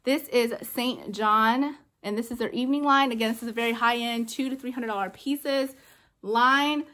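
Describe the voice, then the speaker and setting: A young adult woman chatting excitedly in a casual haul vlog, gushing over her finds. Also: on the high side, normal speed. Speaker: reseller vlogger.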